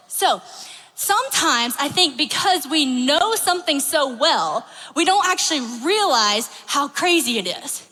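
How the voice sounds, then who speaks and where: A young woman gives a chatty, animated faith talk and leans on "like" all the way through. Her voice is high and bright. It rings with a long hall reverb. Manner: chatty, animated, says "like" often. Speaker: youth speaker.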